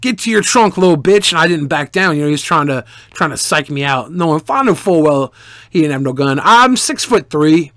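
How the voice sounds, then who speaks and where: A man streamer answering viewer questions in casual, animated storytelling, profane and boastful. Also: a little high, moderate pace, dry recording, studio quality.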